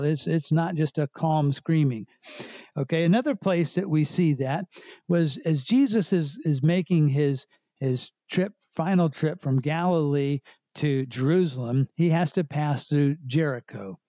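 A man leads a verse-by-verse Bible study, working through scripture in an unhurried, explanatory way and often restarting his phrases. His voice sits a little high for a man but sounds soft and mellow. The recording is close and dry. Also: no echo. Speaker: Bible teacher.

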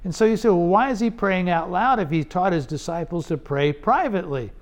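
Male Bible teacher, slightly high voice, conversational verse-by-verse teaching with rhetorical questions and frequent restarts. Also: lively intonation, brisk.

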